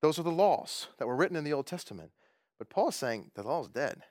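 A man's voice: fairly high pitch, big pitch swings, quick pace, a little mellow, no room sound, clean studio sound. A man preaching a conversational sermon who chuckles often and asks his listeners questions. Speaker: pastor.

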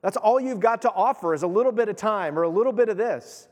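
A man preaching a sermon as pastor, in a lively, conversational way, acting out the voices of the people he quotes. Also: high-pitched, fast talker. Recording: long hall reverb.

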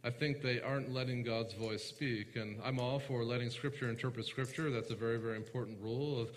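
A male pastor delivers a conversational sermon at a mid-range pitch, checking in with listeners through questions. He slows right down when reading verses aloud and clears his throat often. His voice rings out with a long echo, as in a church hall. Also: fairly even intonation. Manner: conversational, asks the congregation questions; slows down to read scripture aloud.

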